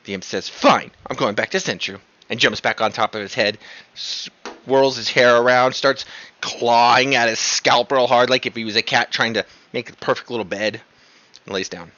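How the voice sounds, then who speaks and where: Guy running a tabletop game, bright lively voice, kinda dull lo-fi stream audio. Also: mid-range voice, moderate pace, a little hiss or hum. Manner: animated, laughs often, slips into character voices. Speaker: game master.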